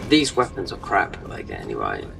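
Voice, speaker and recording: A man's voice: low-pitched, wildly swooping pitch, normal speed, gravelly, distant mic, loud music behind the voice, poor audio. Rambling man narrating gameplay. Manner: rambling, trailing off, many fillers. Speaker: gaming channel host. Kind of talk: casual gameplay commentary.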